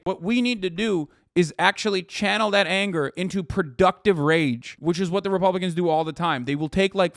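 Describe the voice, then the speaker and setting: A man in his thirties rants on his live stream, swearing freely and firing off political commentary. His voice is smooth and clear, sitting a little high for a man, and he flares into loud bursts of anger. It sounds dry and close to the mic. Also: dry recording. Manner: profane, ranting, shouts in bursts of anger. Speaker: livestream host.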